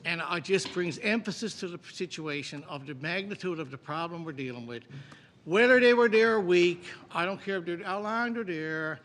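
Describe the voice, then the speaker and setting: A man, an opposition member in a committee debate, talking indignantly and slowing down to stress his words. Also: sits high, lively intonation, a bit bright, slight background noise. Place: legislative chamber.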